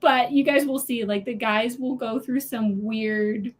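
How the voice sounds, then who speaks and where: A woman hosting a casual online book club chat, gushing and animated about a series. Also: on the high side, measured pace. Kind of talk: casual group video chat.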